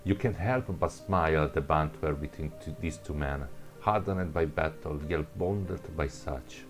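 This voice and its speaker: Non-native english guy reading a gamebook story, super deep slow voice, soft guitar behind. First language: not English. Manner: halting, restarts on words. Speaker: narrator. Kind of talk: second-person gamebook reading.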